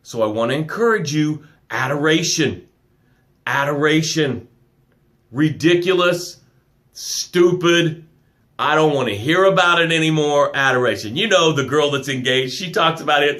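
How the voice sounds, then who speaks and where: Man, business coach, motivational live stream, emphatic, affectionate, fairly high voice. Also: unhurried, bright, forceful tone. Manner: emphatic, affectionate, reads out viewer comments.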